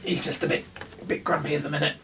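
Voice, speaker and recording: A man voicing a pale male elf thief who talks in a relaxed, chatty and reassuring way. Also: a little high, racing, far from the mic, background noise, natural voice. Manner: breezy, reassuring, colloquial.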